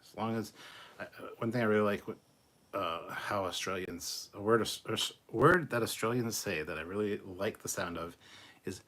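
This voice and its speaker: Deep-voiced guy on a live stream reading chat msgs, laid back and rambly, lots of ums. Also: moderate pace. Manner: relaxed, rambling, with fillers and restarts. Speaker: host reading super chats.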